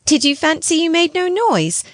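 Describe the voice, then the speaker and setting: A woman voicing a clever, charming young boy with a bright, teasing way of talking in an audiobook. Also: very high voice, very animated, normal speed, dry recording, studio quality, pitched above the performer's own voice.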